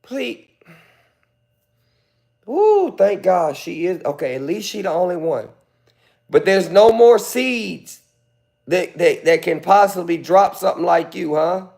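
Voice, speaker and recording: Sassy high-voiced man on a live stream. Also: animated, measured pace, creaky, a little mellow. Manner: sassy, theatrical, mock-pleading. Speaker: livestreamer. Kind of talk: live stream roasting a commenter.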